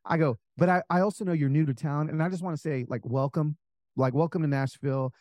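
A man with a slightly raised, lively voice shares stories as a guest author. He rambles with fillers and acts out the voices of the people in his stories. The sound is close and dry, with no room around it. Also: fairly high pitch, quick pace, dry recording. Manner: animated, acts out quoted voices, many fillers. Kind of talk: casual storytelling interview.

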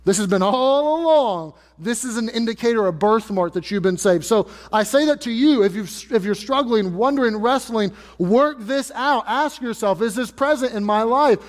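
A man's voice: very high-pitched, lively intonation, normal speed, few pauses. A male pastor preaching a sermon, earnest and emphatic, building intensity through repeated phrases. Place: church sanctuary. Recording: church hall reverb.

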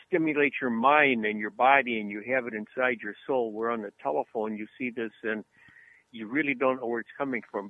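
A man co-hosting a casual podcast chat over the phone, chatty and rambling through anecdotes. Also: medium pitch. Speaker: co-host. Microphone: phone line. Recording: tinny phone line.

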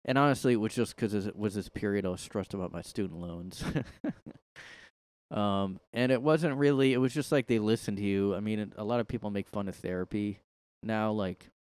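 A man's voice: lowish voice, fairly quick, a little mellow, smooth, dry recording. A man hosting his own podcast in a casual, rambling monologue, sarcastic and full of "like". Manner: rambling, sarcastic, heavy use of "like". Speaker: podcast host. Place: his room.

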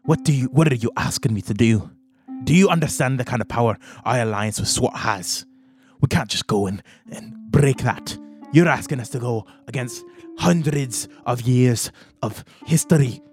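A man's voice: medium pitch, moderate pace, soft background music, close to an everyday voice. A man voicing an angry male dwarf who blusters and scoffs in a tabletop game. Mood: indignant. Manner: blustering, scornful.

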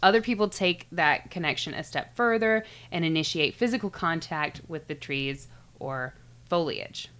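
Low-voiced woman co-hosting a podcast. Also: moderate pace, a bit bright. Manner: chatty, hedging, laughs often while explaining research. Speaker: podcast co-host. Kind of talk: casual podcast chat.

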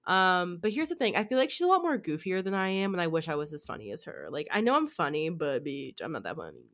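A young woman in her twenties hosts a casual podcast chat with a lowish voice. She rambles animatedly from thought to thought and swears freely. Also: big pitch swings, fast talker, a bit bright. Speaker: podcast host.

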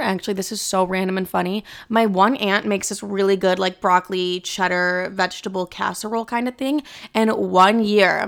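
A woman's voice: medium pitch, fairly bright tone, clean tone. A young woman from Chicago hosting a podcast, chatting casually and swearing a lot, with many "like" fillers. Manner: chatty, profane, lots of "like" fillers. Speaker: podcast host. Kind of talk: casual chat.

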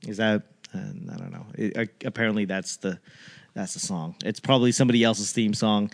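A man's voice: lowish voice, fairly even intonation, fairly quick, creaky. Rambling man telling stories. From Boston, USA. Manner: rambling, self-deprecating, loses his train of thought. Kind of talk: casual comedic monologue.

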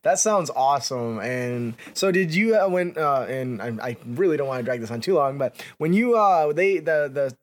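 A man hosting a casual podcast chat, enthusiastic and quick to laugh. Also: on the high side, expressive.

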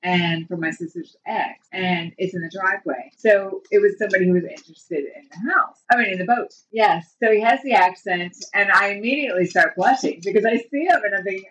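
A woman's voice: medium pitch, brisk, hardly any pauses, a bit bright, recorded from a distance, rough recording. A woman in her fifties hosting a casual chat, telling a long story with frequent laughter. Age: 50s. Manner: chatty storyteller, laughs often. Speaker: host.

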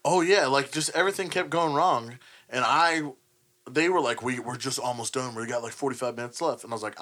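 A man's voice: medium pitch, quick pace. A young man on a podcast telling a rowdy story with lots of swearing, acting out what people said. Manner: profane animated storytelling, acts out quotes. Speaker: band member and podcast host. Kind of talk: casual podcast chat.

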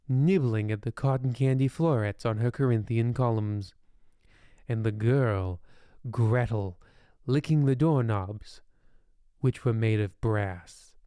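Deadpan guy telling a spooky bedtime story, slow and mellow, dry close sound. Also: lowish voice, clean tone, dry recording. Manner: deadpan, rambling, ominously sardonic. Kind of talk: comic bedtime story narration.

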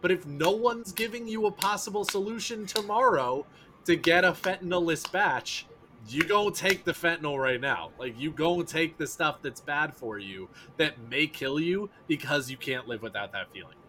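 A man's voice: fairly high pitch, normal speed, noisy background. A man co-hosting a podcast, talking in an emphatic, opinionated casual chat. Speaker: podcast co-host.

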